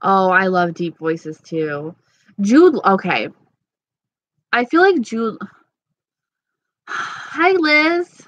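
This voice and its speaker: A woman's voice: medium pitch, sing-song, slow pace, long pauses, no room sound, dull audio. A woman casually chatting with her viewers, playful and gossipy, laughing often. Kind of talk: casual chat reading live comments.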